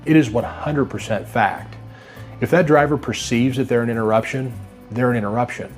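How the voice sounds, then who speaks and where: A man giving a scripted motivational talk to trucking managers, speaking in a steady, instructive and emphatic way. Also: medium pitch, normal speed, soft background music.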